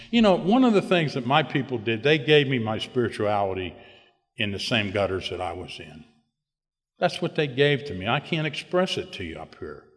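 A man's voice: lowish voice, long reverb tail. An older man giving a personal recovery testimony at a meeting, rambling with many "you know"s and rising to emphatic bursts.

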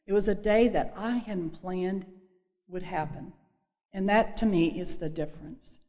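A woman sharing her personal recovery story at a meeting, speaking earnestly and haltingly, with many fillers and restarts. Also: mid-range voice, mellow. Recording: long echo of a hall.

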